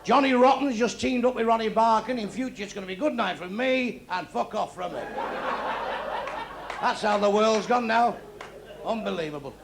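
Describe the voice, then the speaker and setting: Gravelly-voiced comic, echoey club. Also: male voice, sits high, normal speed. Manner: blunt, crude, deadpan storytelling. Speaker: stand-up comedian. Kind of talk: stand-up comedy routine. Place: comedy club with a live audience. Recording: echoey club recording with crowd noise.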